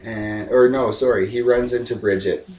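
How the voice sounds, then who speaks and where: A man's voice: mid-range voice, fairly even intonation, moderate pace, a little mellow. A young man co-hosting a casual movie review, retelling the plot in a rambling, laid-back way with lots of fillers. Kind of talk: casual movie recap chat. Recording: echoey room, distant mic, light hiss.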